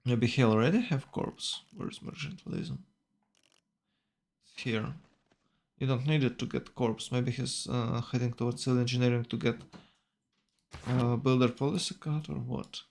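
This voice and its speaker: A man's voice: medium pitch, fairly even intonation, normal speed, vocal fry, long pauses, darkish tone. A man commentating a strategy game tournament, thinking aloud with hesitations and self-corrections.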